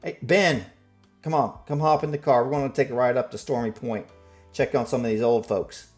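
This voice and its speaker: A man voicing a heavyset, crude, grumbling handyman who yells and swears. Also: mid-range voice, expressive, normal speed, faint music behind, voice pushed up, natural voice. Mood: griping, shouting. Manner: shouting, cursing, complaining.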